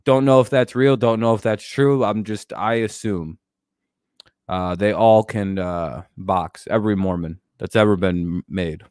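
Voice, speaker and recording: A man's voice: lowish voice, unhurried, a little mellow, clean tone, no echo, studio quality. A man hosting a casual sports talk stream, rambling and joking with plenty of profanity. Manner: frequent fillers and restarts. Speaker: host.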